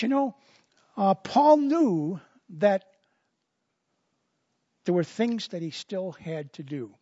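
A man's voice: fairly high pitch, darkish tone, dry recording, lo-fi sound. A man preaching a sermon as a pastor, in a conversational style full of repetitions and asides.

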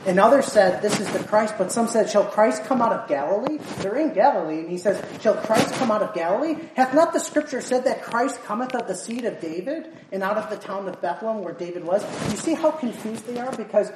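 A woman's voice: mid-range voice, lively intonation, a little fast, hardly any pauses. A woman preaching a sermon in an earnest way, often repeating words and quoting scripture in old-fashioned wording. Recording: echoey room, voice from far off, noisy.

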